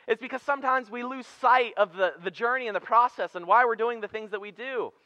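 A man preaching a conversational sermon, joking with the congregation between quiet and emphatic passages. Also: sits high, dry recording. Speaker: pastor. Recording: dry, muffled church sermon recording.

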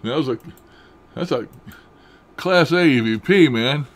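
Unhurried and expressive, this man with a medium-pitched voice talks to camera from home about strange occurrences. The paranormal vlogger rambles folksily, chuckling often and using loose grammar.

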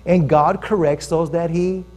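An American man preaching a sermon as pastor, telling a story with lively calls to his congregation. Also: on the high side, unhurried.

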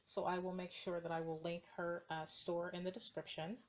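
Filmed indoors on a camera mic that's moved by hand, a woman walks through her dollhouse rooms in a relaxed, halting narration packed with ums and uhs. She speaks at a moderate pace in a level, lowish voice.

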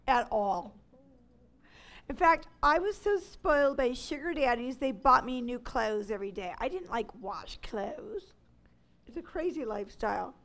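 A woman in her forties giving an emotional testimony talk as a ministry leader, swinging between loud cries and hushed near-whispers. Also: on the high side.

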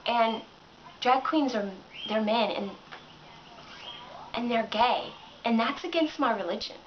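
Woman acting out earnest confused believer, hesitant, halting, high-ish voice, muffled recording. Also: slight background noise. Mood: puzzled. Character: confused, earnest religious woman, mildly disapproving.

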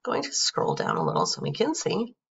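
A woman's voice: medium pitch, wildly swooping pitch, a little fast, creaky, slightly rough. A woman teacher patiently going over a grammar worksheet, spelling words out letter by letter. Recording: dull, distant screen-recorded audio.

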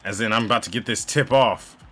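A young man hosting casual gameplay commentary, excitable and swearing, often mocking himself. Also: lowish voice, quick pace, faint music behind. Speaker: gaming channel host.

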